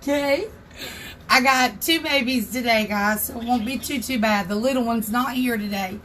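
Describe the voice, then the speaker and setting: A woman's voice: on the high side, moderate pace, a bit bright, slight background noise. A woman hosting a casual craft tutorial livestream from her home craft room, chatting and greeting viewers by name.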